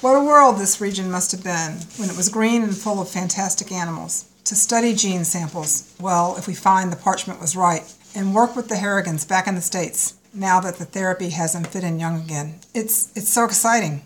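An actress playing an eager, warm-hearted geneticist in her thirties in an audiobook, speaking earnestly. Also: on the low side, moderate pace, few pauses, slight background noise, close to an everyday voice, rough recording. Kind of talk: audiobook character voice.

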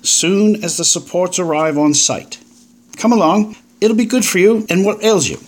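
An actor playing a brash, upbeat forty-year-old British paleontologist in an audiobook, with a jaunty, breezy manner and old-fashioned turns of phrase. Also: male voice, high voice, normal speed. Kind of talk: audiobook character voice.

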